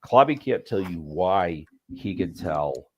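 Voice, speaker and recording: A man's voice: sits low, animated, slow, lo-fi sound, a little hiss or hum. A man who is sick, chatting casually and thoughtfully about art with digressions. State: sick, rough voice. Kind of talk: casual chat.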